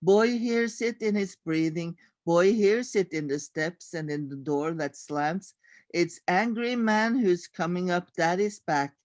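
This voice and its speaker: A woman author reading her picture book aloud in a measured storytelling manner. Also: on the low side, a little mellow, dry recording, studio quality.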